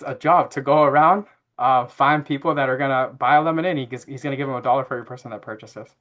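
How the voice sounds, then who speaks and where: A man in his thirties telling a family story as a podcast guest, relaxed and chatty with fillers. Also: medium pitch, fast. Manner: animated anecdote-telling with frequent fillers and laughs. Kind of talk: casual interview storytelling.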